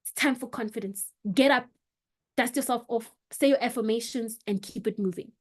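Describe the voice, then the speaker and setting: A woman teaching how to pitch, speaking emphatically and varying her pace and pitch for effect. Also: moderate pace. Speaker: presentation coach. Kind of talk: motivational lesson on pitching.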